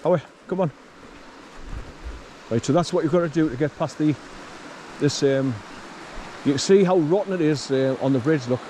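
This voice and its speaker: A middle-aged Geordie man from northeast England films a rambling vlog while walking outdoors on a country path, chatting casually and talking to his dog. His slightly high, mellow voice moves at normal speed with long pauses, over a little hiss or hum.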